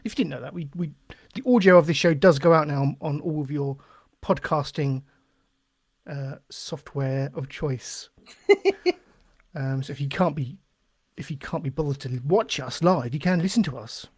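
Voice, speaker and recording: A man's voice: fairly high pitch, moderate pace, husky, no echo, studio quality. A man co-hosting a podcast in casual chat, reading out listener questions with easygoing, wry asides. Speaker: podcast co-host.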